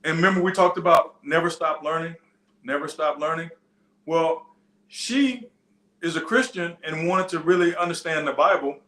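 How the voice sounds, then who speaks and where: A man's voice: fairly high pitch, normal speed, a bit bright, reverberant. A man preaching a sermon in a loose, conversational teaching style, with frequent restarts and side stories. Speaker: pastor. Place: church.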